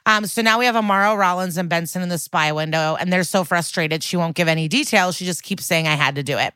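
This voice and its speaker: A woman chatting on a podcast as she recaps an episode, acting out quotes with animated energy. Her voice sits on the low side but sounds bright and forceful. The recording is dry and close. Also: fast talker, clear, resonant tone, no room sound. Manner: animated retelling with acted-out quotes and laughs. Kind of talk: casual chat.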